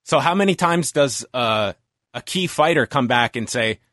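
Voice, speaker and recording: This podcast host talks with his guest casually and with enthusiasm, in an expressive, medium-pitched voice at a moderate pace. The tone is a bit bright, and the clean studio audio carries no room sound.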